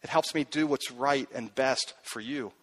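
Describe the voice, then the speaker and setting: A man's voice: mid-range voice, moderate pace, fairly bright tone. A middle-aged man preaching a sermon as a pastor, earnest, asking himself questions aloud and repeating key phrases.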